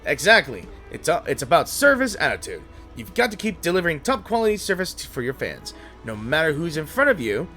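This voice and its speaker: A man voicing a pushy travel agent in a game, rattling off sales pitches and lectures. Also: huge pitch swings, fairly quick, hardly any pauses, bright, forceful tone, faint music behind, full character voice. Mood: lecturing.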